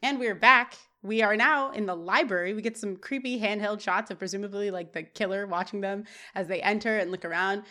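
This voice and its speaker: A woman co-hosting a podcast, briskly recapping an episode with quick laughs. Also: mid-range voice, pushed and bright. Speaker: podcast co-host.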